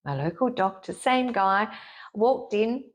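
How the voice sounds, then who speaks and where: A middle-aged woman, a therapist, frankly and lively telling a personal story as a guest in an interview. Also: medium pitch, measured pace. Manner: frank and lively, acts out her own inner voice.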